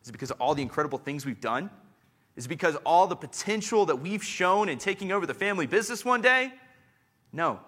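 A man preaching a sermon as pastor, earnest and slowing down to stress scripture. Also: a little high, a bit bright.

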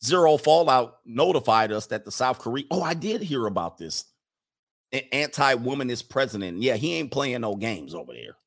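A man's voice: medium pitch, very animated, normal speed. A man hosting a live stream, casually commenting, joking and rambling as he reads viewer messages. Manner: rambling, joking, talks back to himself. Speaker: live-stream host reading viewer chats.

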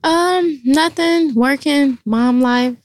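A woman co-hosting a podcast in casual chat, relaxed and talking plainly. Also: sits high, slow. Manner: relaxed, laughs easily, plain everyday talk. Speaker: podcast co-host.

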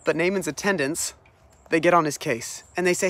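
A man preaching a sermon, retelling a Bible story in a lively, animated way, often repeating words as he restarts his sentences. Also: fairly high pitch, brisk. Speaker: pastor.

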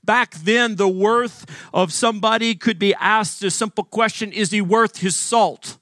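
Man, from Arkansas, emphatic sermon, high-pitched, dry close sound. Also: measured pace, fairly bright tone, dry recording. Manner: earnest, emphatic preaching with rhetorical questions. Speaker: pastor.

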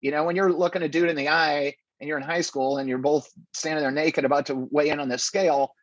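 A man, a stand-up comedian, telling stories in a casual interview, animated and full of restarts and acted-out quotes. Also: fairly high pitch, fast, no room sound, highs cut off.

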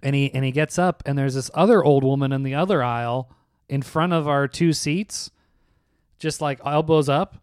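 A man's voice: mid-range voice, moderate pace, smooth, dry recording, studio quality. Chatty man spinning a travel story. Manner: rambling anecdotes with animated quoted voices. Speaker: podcast co-host. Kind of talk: casual chat, storytelling.

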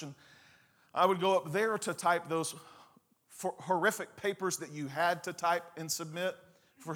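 Animated high-voiced preacher man. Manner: animated storyteller, acts out scenes and quotes. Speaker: pastor. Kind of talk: sermon with storytelling.

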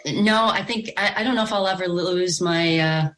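Low-voiced middle-aged woman, slight Chicago accent. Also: moderate pace. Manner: warm and chatty, given to small restarts. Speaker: podcast guest, author. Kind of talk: casual conversational interview.

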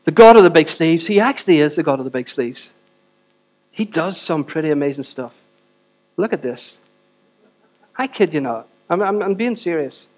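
A man preaching a sermon to a church congregation, swinging between loud exhortation and quiet, close moments, and often asking the audience rhetorical questions. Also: on the high side, expressive, normal speed, pauses often. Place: church service.

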